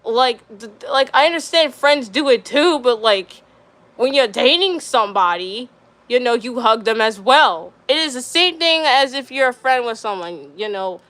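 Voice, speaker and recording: Give me a bright, high-voiced young woman rambling through a riled-up story on stream. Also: lively intonation, moderate pace, no room sound. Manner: rambling, filler-heavy, riled up. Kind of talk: casual storytelling chat.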